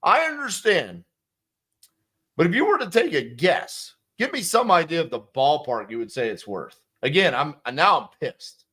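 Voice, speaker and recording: A man with a slightly high voice coaches sales. He is blunt and emphatic and swears freely, and he acts out both sides of a call as he picks a script apart. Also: very animated, normal speed, sharp tone, slightly rough. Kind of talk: instructional commentary on a sales script.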